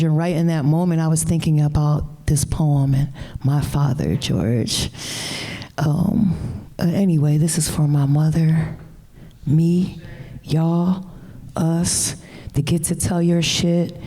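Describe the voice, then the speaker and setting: A woman's voice: deep voice, steady tone, takes it slowly, warm tone. A woman poet performing spoken-word verse at a live event, with a rhythmic, chant-like delivery that breaks into loose, profane banter. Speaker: poet and co-editor.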